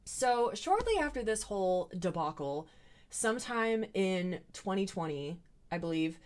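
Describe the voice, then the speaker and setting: A woman's voice: mid-range voice, very animated, measured pace. A young adult woman hosting a commentary video, recapping online drama in a blunt, opinionated way and swearing freely.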